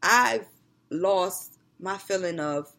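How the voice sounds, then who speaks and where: A woman's voice: mid-range voice, very slow. A woman, co-hosting a casual chat and acting out scenes with her kids. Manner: animated storytelling, acting out scolding her kids. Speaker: podcast co-host.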